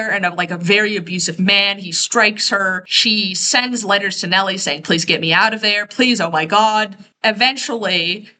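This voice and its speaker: A woman in her twenties giving a casual, profane, sarcastic rant as she recaps a story, tossing in quick quoted asides. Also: mid-range voice, bright, forceful tone, poor audio. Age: 20s. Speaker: video essayist.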